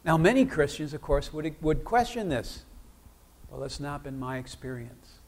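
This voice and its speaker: Male preacher, church sermon, conversational, asks the congregation questions, voice sits a bit high.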